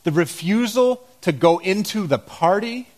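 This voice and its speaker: A man's voice: high-pitched, expressive, measured pace, darkish tone. A man preaching a sermon, reading scripture aloud and asking the congregation reflective questions.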